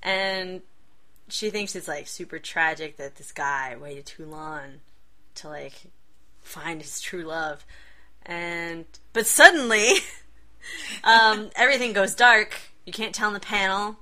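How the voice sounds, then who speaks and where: A woman's voice: fairly low pitch, takes it slowly, bright, forceful tone. A woman co-hosting a casual podcast chat, retelling a comic with giggles and little put-on quotes. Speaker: podcast co-host reviewing comics.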